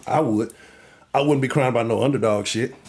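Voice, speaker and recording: A man hosting a live sports talk show, ranting in a profane, animated way and swinging between loud outbursts and low mutters. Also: brisk. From Houston.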